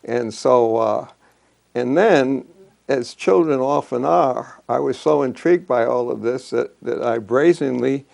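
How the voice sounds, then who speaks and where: Older male local historian, unhurried, hesitant delivery, gravelly texture. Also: mid-range voice, a little mellow. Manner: halting, many fillers and restarts. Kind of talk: reminiscing talk.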